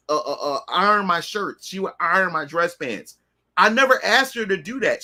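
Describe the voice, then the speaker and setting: Young male host, casual rambling storyteller, slightly high, bright voice; lots of ums and restarts. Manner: rambling, many fillers and restarts. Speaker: streamer host.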